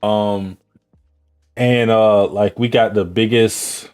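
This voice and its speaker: A man's voice: fairly low pitch, steady tone, slow pace, a little mellow, clear, resonant tone, faint music behind. A man hosting a podcast, chatting casually about anime in a rambling way with lots of fillers. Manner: rambling, with many fillers, and laughs at his own jokes. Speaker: podcast host. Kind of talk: casual chat reviewing anime.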